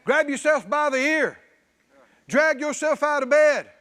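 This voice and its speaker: A man delivers a sermon in an unusually high voice. His preaching is emphatic, swinging between shouted lines and low, quiet stretches. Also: measured pace. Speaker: pastor.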